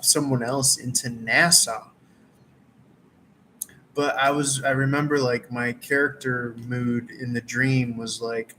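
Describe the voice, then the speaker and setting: A man's voice: medium pitch, fairly bright tone, slight background noise, low-quality recording. A man who reads tarot, chatting casually outdoors around a campfire, laid-back and meandering, full of fillers. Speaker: tarot reader. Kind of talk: casual rambling chat.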